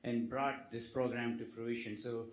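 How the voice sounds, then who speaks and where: A man, a physician, giving conference remarks, halting and full of filler words as he tells a joking story. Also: mid-range voice, level tone. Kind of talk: conference speech with a humorous anecdote. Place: conference hall with live audience. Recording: roomy hall echo.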